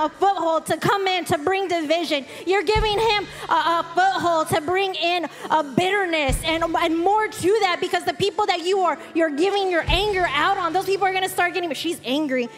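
A woman, a wife and mother, co-hosting a faith talk in a candid, self-deprecating, conversational way. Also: very high voice. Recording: long reverb with faint music behind.

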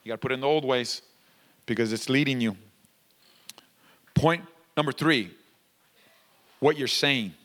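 A male pastor preaching a sermon, emphatic and repetitive, his voice climbing toward a near-shout as he drives points home. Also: medium pitch, measured pace, long pauses, long reverb tail. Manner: emphatic, repeats lines, rising to near-shouting. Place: church sanctuary.

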